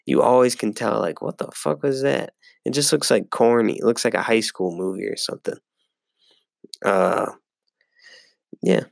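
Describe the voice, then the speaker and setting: A young man with a gravelly, creaky voice talks through a casual solo sports podcast. He rambles, swears freely and fills gaps with "like" and "um". The sound is dry and close, with little room echo. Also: fairly low pitch, normal speed, pauses often. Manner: rambling and profane, with frequent fillers. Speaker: podcast host.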